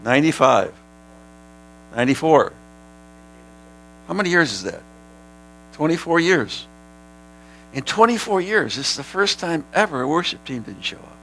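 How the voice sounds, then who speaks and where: A man preaches a sermon to his church, animated, sometimes rising to a shout and laughing along with the congregation. His voice is forceful and gravelly, with a faint hum behind it. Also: on the high side, normal speed, long pauses, rough recording. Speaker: pastor.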